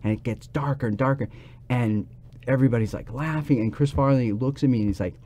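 Man, podcast guest, mellow warm voice, animated storytelling, acts out quoted voices. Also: medium pitch, fairly quick, slight background noise.

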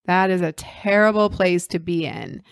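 A woman podcast host and business coach delivers an encouraging introduction. Her voice sits on the low side for a woman. The recording is dry, with no room sound. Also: lively intonation, normal speed, vocal fry, clean tone, no echo.

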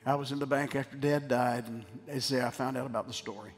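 A middle-aged male pastor preaches in a mid-pitched voice, swinging between forceful emphasis and hushed storytelling. His words ring out with a long church reverb, and soft music plays faintly underneath. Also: fairly even intonation, fast. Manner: emphatic preaching that drops to a quiet, tender storytelling tone. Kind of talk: sermon. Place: church sanctuary.

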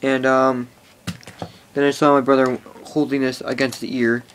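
Holding a phone or iPod close, a teenage vlogger rambles at a moderate pace, his medium-pitched voice flat in delivery. He fills his talk with fillers and curse words, and a little hiss or hum sits in the audio.

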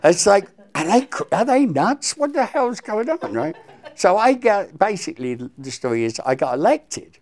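An older Englishman, a guest musician, tells stories from his career in a storytelling interview, speaking at normal speed with a high-pitched voice. He is an animated storyteller who acts out the quotes.

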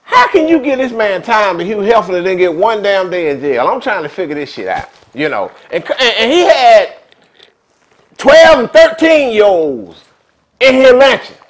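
A man hosts a vlog in a casual, storytelling style. His voice sits very high and swings widely in pitch. He talks in a chatty, animated, streetwise way. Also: normal speed, low-quality recording. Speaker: vlog host.

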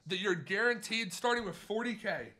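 Young male streamer, high bright voice, rapid swings from muttering to yelling, live gambling commentary. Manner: excitable, swings from muttering to shouting and swearing.

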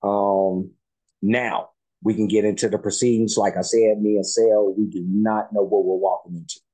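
A man hosts a reaction video in a loose, rambling chat full of ums and restarts. His voice is very low and husky, with a dark, mellow tone. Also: flat delivery, moderate pace, rough recording. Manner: rambling, filler-heavy, friendly. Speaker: reaction channel host.

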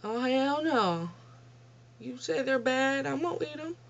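A woman's voice: high voice, animated, slow pace, creaky. Blunt, laughing young woman on lo-fi audio. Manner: blunt, profane, laughing at her own stories. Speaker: vlogger. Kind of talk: casual storytelling Q&A. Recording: dull lo-fi home recording.

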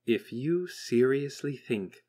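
Brief: icy, slow, clipped female AI, read by a man, audiobook character. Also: mid-range voice, fairly bright tone, natural voice. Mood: icy contempt. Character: cold, cutting female AI in charge of a facility.

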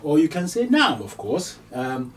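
A man teaching a beginner's language lesson, repeating words slowly and carefully. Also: on the high side, sing-song, darkish tone. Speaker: Arabic teacher. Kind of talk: slow, patient language lesson. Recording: distant mic with faint hum.

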